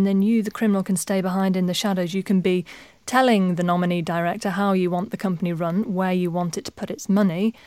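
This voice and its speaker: A woman presenting a radio programme, putting clear, probing questions to her guests and summing up neatly. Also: medium pitch, mellow, no room sound.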